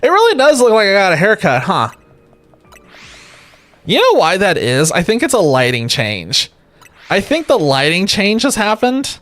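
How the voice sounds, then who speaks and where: A man's voice: high voice, wildly swooping pitch, normal speed, long pauses, a bit bright, dry recording, faint music behind. An exhausted man streaming from home, rambling and joking in casual chat with his viewers. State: exhausted from lack of sleep. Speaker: livestreamer. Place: home streaming setup with a webcam.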